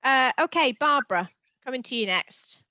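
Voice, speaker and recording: A woman moderating an online panel, handing over to each speaker briskly and cheerfully. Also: high voice, animated, bright, forceful tone, no room sound, lo-fi sound. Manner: brisk, cheerful hand-offs.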